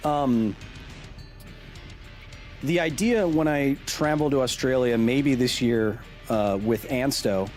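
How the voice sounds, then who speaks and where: A man's voice: medium pitch, darkish tone. A man in his thirties hosting a casual live stream, joking while reading chat aloud. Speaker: streamer and host.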